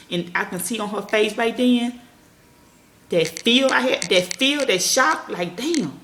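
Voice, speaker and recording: A parenting vlogger records at home in a small, echoey room, with a little background noise in the mix. Her voice sits at a medium pitch with a slightly bright quality, and she talks casually and profanely to her viewers, calling them y'all and drifting from one thought to the next.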